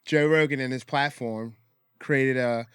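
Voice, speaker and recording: A man co-hosting a podcast in casual chat, laid-back, giving short replies and slower explanations. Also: mid-range voice, steady tone, clear, resonant tone, dry recording, clean studio sound. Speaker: podcast co-host.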